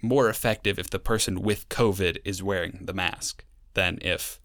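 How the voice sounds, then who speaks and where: A man's voice: deep voice, fairly even intonation, moderate pace, fairly bright tone, no echo, studio quality. A young man co-hosting a casual podcast, talking in a wry, sarcastic way and rambling through his stories. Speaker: podcast co-host. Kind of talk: casual chat.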